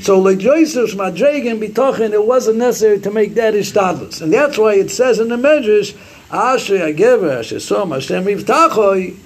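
Animated, gravelly-voiced man teaching Torah. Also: high voice, moderate pace, a little hiss or hum. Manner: animated, quotes Hebrew sources and acts out sayings. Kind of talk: Torah class lecture.

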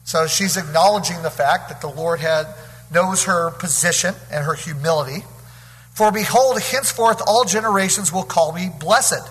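A man's voice: fairly high pitch, moderate pace, a bit bright, husky. Give me a male preacher reading scripture and explaining it, in a hall with a long reverb. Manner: reads scripture aloud and comments verse by verse. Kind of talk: bible study sermon.

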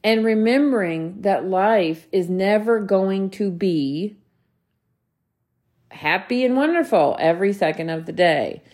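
An animated, slightly mellow medium-pitched voice, unhurried in pace, carries this thirty-something woman's solo motivational podcast. She speaks to listeners with earnestness and emphasis, repeating key phrases and swearing in a casual way.

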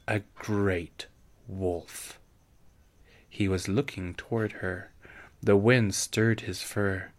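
A man reading a storybook aloud in a measured, steady narration. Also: on the low side. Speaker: reader.

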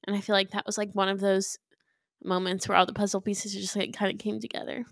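A woman's voice: mid-range voice, flat delivery, a little fast, vocal fry, no echo, clean studio sound. A woman co-hosting a marriage podcast, talking in a chatty, emotional way with lots of fillers. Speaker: podcast co-host. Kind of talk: casual chat.

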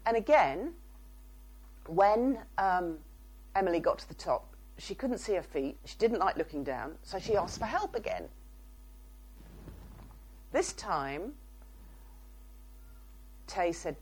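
A woman's voice: on the low side, very animated, slow, pauses often, a little mellow, husky, low-quality recording. A woman, a psychotherapist and author, telling case stories as a guest. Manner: storytelling with quoted dialogue.

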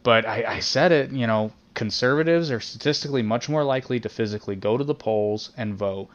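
A man co-hosts a podcast in casual conversation, laying out his opinions in an earnest, steady way. The audio is dull and lo-fi. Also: mid-range voice, brisk. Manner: earnest, opinionated, lays out arguments. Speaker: podcast co-host. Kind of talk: casual banter.

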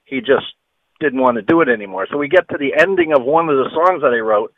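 A man, a guitarist guest on an interview, telling stories and acting out quoted dialogue with lively energy. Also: medium pitch, fast, no echo, phone-quality sound. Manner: animated storyteller who acts out quoted dialogue. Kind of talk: storytelling interview.

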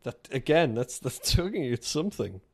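A man's voice: mid-range voice, very animated, moderate pace, a little mellow. A man co-hosting a casual chat, teasing his friend and laughing often. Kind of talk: casual chat guessing game.

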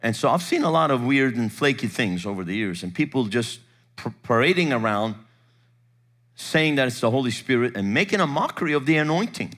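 A man preaching a sermon tells a story in an animated, conversational way. His voice sits at an ordinary middle pitch, and he shifts into the voices of the people he quotes. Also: brisk. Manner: animated, acts out quoted dialogue. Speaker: pastor.

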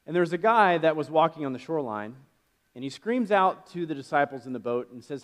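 A man's voice: medium pitch, animated, fast talker. Guy pastor preaching in church, chatty storytelling, lots of uh and restarts. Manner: conversational storytelling with fillers and self-corrections. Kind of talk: sermon.

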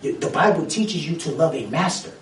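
A man with a high voice holds forth in a profane, animated rant full of street slang. He sounds set back from the mic, and the room gives his voice a strong echo. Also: a little fast. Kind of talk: casual chat. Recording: echoey room, mic at a distance.

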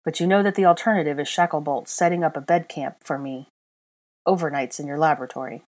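A woman's voice: low-pitched, quick pace, a little mellow. A woman reading fan fiction aloud in an unedited home recording, narrating and speaking the dialogue with small shifts for each character. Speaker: audiobook reader.

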